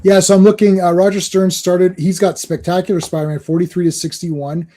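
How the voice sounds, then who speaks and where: Excitable high-voiced man chatting about comics. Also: a little fast. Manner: rambling, excited, laughs often. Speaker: podcast host. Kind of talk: casual comics chat.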